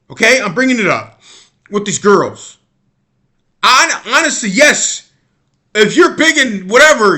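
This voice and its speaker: A man's voice: sits high, pushed and bright. An American man giving a rambling, exasperated sports-opinion monologue, often repeating and restarting his words. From United States. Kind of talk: casual monologue rant.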